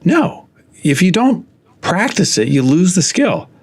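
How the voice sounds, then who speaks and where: A man's voice: sits high, big pitch swings, measured pace, slightly rough. A man co-hosting a podcast from his home office, chatting casually in a rambling, self-mocking way. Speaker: podcast co-host.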